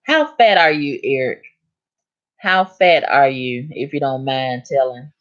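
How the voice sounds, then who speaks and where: Low-voiced woman chatting on a live stream. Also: lively intonation, unhurried. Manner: chatty, reads and answers viewer comments. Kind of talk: casual live stream chat. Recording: dull lo-fi stream audio.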